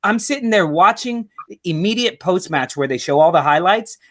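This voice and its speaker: An American man hosting a football fan show, talking in casual, animated banter and swearing often. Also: sits high. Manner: animated, swearing, quick jokes. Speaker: host.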